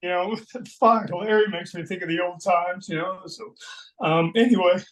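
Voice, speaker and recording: A man's voice: high-pitched, normal speed, rough recording. A man as guest on a casual chat show, telling a rambling story, swearing freely and getting emotional.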